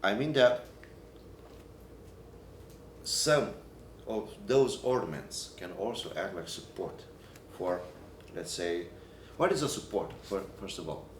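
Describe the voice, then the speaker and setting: A man teaching a Byzantine chant class, explaining in halting phrases and breaking into short sung examples. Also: sits low, expressive, slight background noise. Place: church hall or classroom. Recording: echoey room, recorded from a distance.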